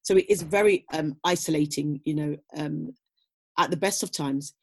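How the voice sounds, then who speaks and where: A woman's voice: low voice, moderate pace, creaky, darkish tone, husky. A middle-aged woman talking casually as an interview guest, reflective and full of "you know" fillers. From Britain. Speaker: guest, former athlete.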